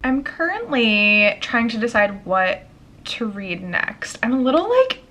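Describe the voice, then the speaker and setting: A woman's voice: fairly high pitch, very animated, unhurried, over music. A young woman in a casual book review vlog, chatting and thinking aloud with lots of "like" fillers. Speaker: book vlogger.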